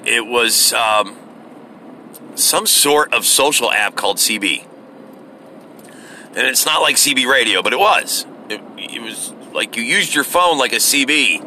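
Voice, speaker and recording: An American man who rambles casually and loosely, with many fillers and frequent swearing. His voice is very bright and sharp. A faint hum of ambient noise sits under his talk. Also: fairly high pitch. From United States.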